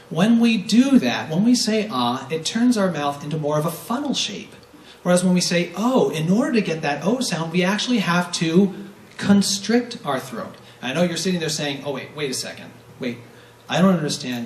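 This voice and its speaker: A man leads a brass masterclass, explaining breathing step by step and answering his own rhetorical questions. His voice sits a bit high for a man. It is picked up from a distance in a reverberant room with faint background noise. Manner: explanatory, poses rhetorical questions and demonstrates vowel sounds. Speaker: brass teacher giving a masterclass. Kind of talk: masterclass lecture. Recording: roomy echo from a distant mic, faint noise.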